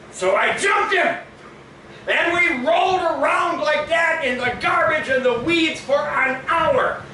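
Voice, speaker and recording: An actor playing Faust, a weary, volatile scholar who swings from hushed brooding to shouting outbursts in a live stage monologue. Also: male voice, high-pitched, heavily acted. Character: weary, volatile male scholar, driven and bitter. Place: small live performance venue. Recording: roomy, distant mic, ambient noise.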